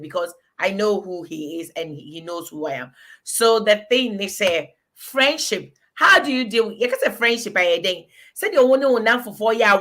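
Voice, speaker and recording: A Ghanaian woman with a bright, forward voice chats as a guest in a relaxed talk show. She tells her stories with plenty of animation and lively rises in tone. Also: medium pitch. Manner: animated, storytelling, breaks into laughter. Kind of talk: casual talk show chat.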